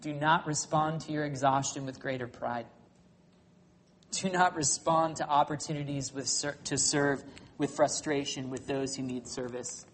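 A man preaching a sermon at a middle pitch, his delivery rising to loud, emphatic peaks and falling back to quiet, low stretches. A faint hiss sits behind his voice. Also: steady tone, moderate pace. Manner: emphatic preaching, swinging from loud, high passages to hushed, low ones; closes by leading a spoken prayer. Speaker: pastor.

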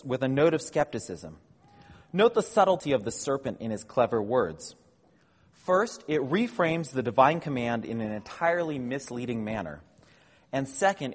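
A man teaching a careful, measured lesson on scripture, explaining line by line and sometimes correcting himself. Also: mid-range voice, breathy edge, in a large hall. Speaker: Bible teacher. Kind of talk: lecture on scripture.

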